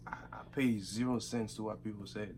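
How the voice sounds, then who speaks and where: A man's voice: fairly low pitch, fairly even intonation, a little fast, a little mellow, a little hiss or hum. A young man from Haiti with a strong Haitian accent, chatting casually with his partner, laid-back and stammering through restarts. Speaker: vlogger. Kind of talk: casual couple chat.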